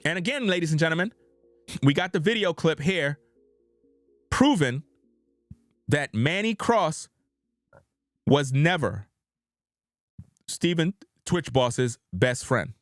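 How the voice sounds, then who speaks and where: A man's voice: on the high side, very animated, slow pace, pauses often, no room sound, clean studio sound, faint music behind. A man hosting a heated commentary monologue, insistent and repetitive with preacher-like emphasis. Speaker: commentary channel host.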